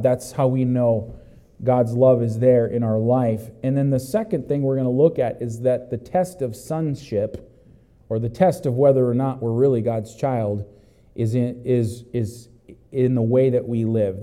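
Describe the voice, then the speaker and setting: A man preaching a sermon as pastor, walking through a Bible passage and breaking into loud exclamations. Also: medium pitch.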